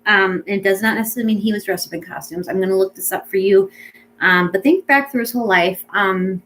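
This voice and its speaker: A woman speaking as a pet psychic medium in a casual reading, chatty and rambling with many ums, gentle and reassuring. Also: mid-range voice, fast talker, low-quality recording.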